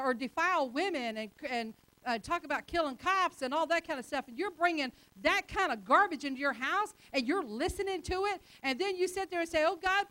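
A woman's voice: high voice, fairly bright tone, no room sound. A woman preaching a sermon in an emphatic, conversational way, acting out quotes as she goes.

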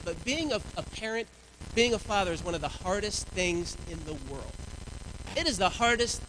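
A man in his thirties preaching a sermon in a church, telling lively stories about his family. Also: high-pitched, slight background noise, low-quality recording. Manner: lively storytelling with family anecdotes. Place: church sanctuary.

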